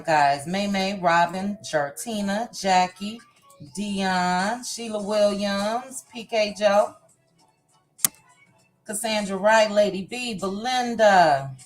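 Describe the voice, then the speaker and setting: A woman hosting a live chat show runs through a long list of viewer names in a slow, unhurried, casual way. Faint music plays softly behind her voice. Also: medium pitch. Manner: reads viewer names in a warm, chatty run of hellos. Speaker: livestream host. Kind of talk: casual livestream greetings. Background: faint background music.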